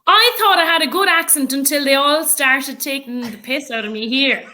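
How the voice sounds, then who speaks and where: A woman with an Irish accent, chatting as a podcast guest in an animated way, with many fillers and frequent laughs. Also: sits high, normal speed. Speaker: podcast guest, rugby player and coach. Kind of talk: casual chat.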